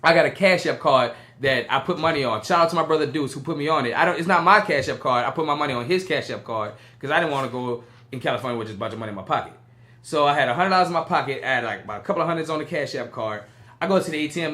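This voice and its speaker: Speaking rapid-fire in a slightly high voice, a young podcast co-host spins a story during a casual chat. He animatedly performs the voices of each person he describes.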